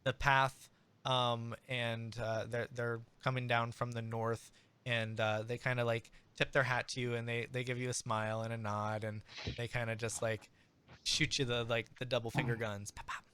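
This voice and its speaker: A man narrating as game master in a halting, casual way. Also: medium pitch, level tone, bright, forceful tone, clean tone. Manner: halting, many fillers and restarts.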